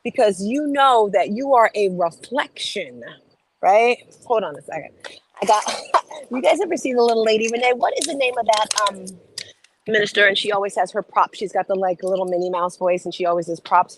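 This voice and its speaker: Energetic woman hosting a motivational talk. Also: mid-range voice, a little fast, background noise. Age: middle-aged. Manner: energetic, emphatic, talks straight to viewers. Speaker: motivational host. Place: outdoors in morning sun.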